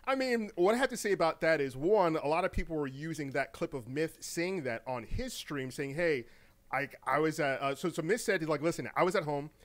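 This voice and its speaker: A man with a slightly raised pitch talks through gaming news as a podcast co-host. His delivery is animated and loose, with slang, laughter, and words repeated as he builds his point. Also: brisk. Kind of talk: casual gaming news commentary.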